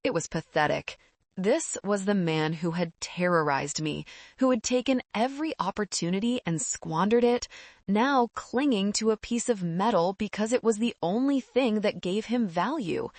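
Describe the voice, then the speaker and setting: A woman reading a first-person story aloud, calm and even-paced. Her mid-range voice is recorded close and very dry, with no room sound at all. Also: medium pitch, normal speed, no echo. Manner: calm, steady delivery. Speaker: narrator.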